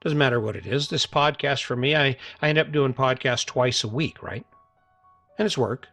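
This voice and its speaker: Speaking to his listeners in an earnest, casual manner, a middle-aged man hosts a solo motivational podcast and often repeats himself or begins sentences again. His voice is medium in pitch with vocal fry and a fairly bright tone, at a moderate pace, and faint music plays behind him.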